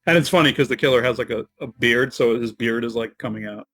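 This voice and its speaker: A man guesting on a podcast, chatting in an excitable way, laughing often and filling his talk with "like". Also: mid-range voice, fast talker. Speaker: guest filmmaker. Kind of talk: casual podcast chat.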